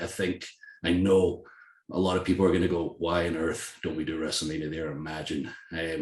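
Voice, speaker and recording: A Scottish man with a very low voice chats as an interview guest in a room with noticeable echo. He tells stories in a lively, self-deprecating way and laughs often. His accent is softened but still plainly Scottish. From Scotland. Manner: animated, self-deprecating storyteller who laughs often and acts out quoted voices. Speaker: guest, professional wrestler. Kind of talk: casual interview chat.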